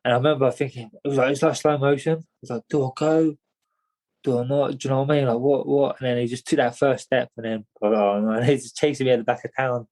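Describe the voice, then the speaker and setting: A young man telling his story as a podcast guest, mid-pitched and plain, tripping over his words and restarting often. He talks in a loose, rambling way, tossing in "mate" and "do you know what I mean" as he goes. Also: fairly even intonation, racing, few pauses, darkish tone, low-quality recording. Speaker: guest, boxer. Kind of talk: casual storytelling.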